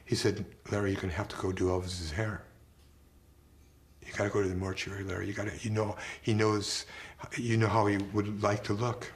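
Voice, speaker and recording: Older man, deep voice, tells the story like it's happening now. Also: little pitch movement, brisk. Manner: vivid present-tense storytelling, soft quoted voices. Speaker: interviewee. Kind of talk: documentary interview recollection.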